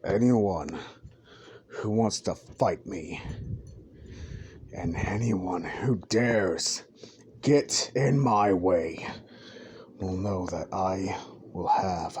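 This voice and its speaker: Man doing a young hero gone merciless demon slayer, low and deliberate, slow menacing delivery, half-whispered threats. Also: a little mellow, slight background noise, full character voice.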